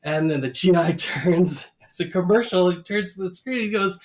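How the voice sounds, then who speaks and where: Animated man recapping a cartoon. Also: high voice, normal speed. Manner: animated, acts out quoted lines with laughs. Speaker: podcast co-host. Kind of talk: casual chat recapping an episode.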